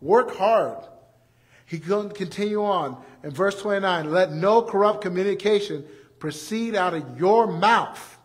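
A man's voice: high-pitched, unhurried. A man preaching a sermon, acting out everyday scenes and repeating key phrases for emphasis. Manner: animated, acts out everyday scenes.

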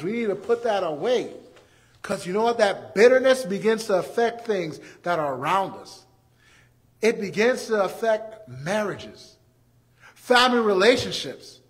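A man in his thirties preaching a sermon, animated and swinging from quiet to loud, acting out quoted voices. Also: high-pitched. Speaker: pastor.

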